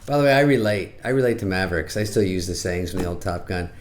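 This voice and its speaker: A middle-aged man talks through a movie in a dry, sarcastic, offhand way. His voice sits low and deep. He keeps breaking into quick, squeaky impressions before dropping back to his flat delivery. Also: a little hiss or hum. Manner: deadpan, sarcastic, jumps into squeaky put-on voices. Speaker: comedian reviewing a movie. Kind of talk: casual comic monologue.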